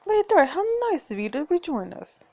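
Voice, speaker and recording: A sneering, scheming nobleman from a story game, as a woman reads him aloud. He talks down to everyone with a condescending edge, and the voice sits a little high. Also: sing-song, quick pace, gravelly, muffled recording, full character voice. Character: scheming aristocratic duke, menacing man.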